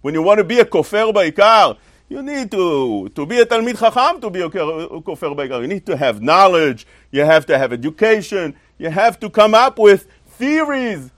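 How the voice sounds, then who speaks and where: A man teaches a Torah lesson in a high, very animated voice that swings up and down. He leans on rhetorical questions and repeats himself for emphasis, and the sound is close and dry. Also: dry recording. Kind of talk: religious lesson.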